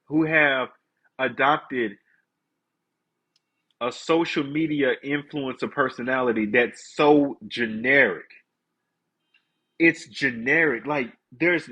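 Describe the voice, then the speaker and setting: A man's voice: a little high, pushed and bright, husky, poor audio. A man with a congested voice, chatting candidly and ranting to viewers on a casual live stream.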